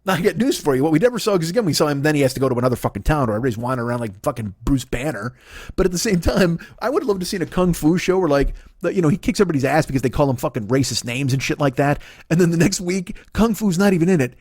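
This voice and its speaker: A man's voice: a little high, animated, racing, darkish tone, no room sound, studio quality. A man in his forties hosting a comedy podcast, ranting in a profane, rambling way with frequent stammered restarts. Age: 40s. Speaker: podcast host. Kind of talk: comedic rant monologue.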